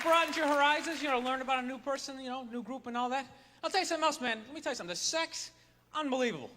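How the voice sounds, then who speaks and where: Guy doing a loud ranty standup bit, way high voice, crowd cracking up, bit of noise. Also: in a large hall. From United States. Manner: ranting, loud and mocking. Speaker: stand-up comedian. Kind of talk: stand-up comedy set. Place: comedy stage before a live audience. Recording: live club recording with crowd laughter. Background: audience laughter.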